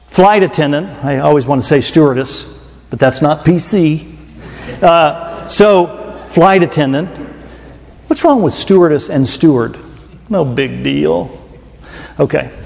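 A man's voice: on the high side, a little mellow. A middle-aged man with an Oklahoma accent preaching a sermon, telling a story in a folksy, conversational way and joking with the audience. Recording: long reverb in a large hall.

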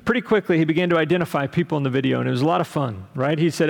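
A man's voice: a little high, rapid-fire, gravelly, hardly any pauses, in a large hall. A man from Texas preaching a sermon as pastor, talking conversationally with asides and questions to the congregation.

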